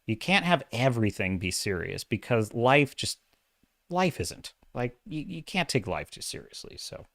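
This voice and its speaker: Male livestream host, middle-aged, dramatic and lively delivery, dry close-miked sound. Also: medium pitch, normal speed, gravelly, dry recording. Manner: animated, self-described dramatic, reads chat comments. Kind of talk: casual livestream commentary.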